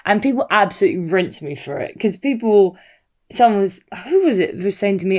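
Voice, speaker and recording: A woman's voice: mid-range voice, sing-song, brisk. Giggly rambling young woman. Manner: giggly, rambling, loses her thread. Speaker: podcast co-host. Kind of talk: casual podcast chat.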